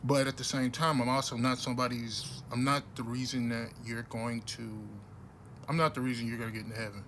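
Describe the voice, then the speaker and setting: A man in a casual monologue talks bluntly, often restarting his sentences and growing heated as he pushes his point. His voice has a sharp, forceful edge at an ordinary pitch. Faint background hiss sits under the recording. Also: level tone, fairly quick. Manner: blunt, rambling, many restarts. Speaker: vlogger.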